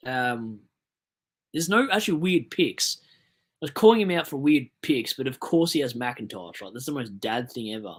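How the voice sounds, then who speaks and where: A man's voice: medium pitch, lively intonation, normal speed, slightly rough. A young Australian man hosting a casual livestream, chatting loosely, rambling and reading out viewer messages. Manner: chatty, rambling, reads chat aloud. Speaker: livestream host.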